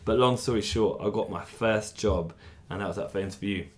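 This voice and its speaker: A young man co-hosting a podcast, telling his own life story in a casual, animated way and laughing often. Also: fairly low pitch, moderate pace. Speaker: podcast co-host.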